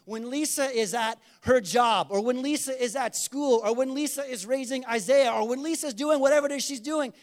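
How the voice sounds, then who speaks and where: High-voiced man preaching a lively sermon. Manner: conversational, animated preaching with acted-out quotes; calls the congregation to respond. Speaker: pastor.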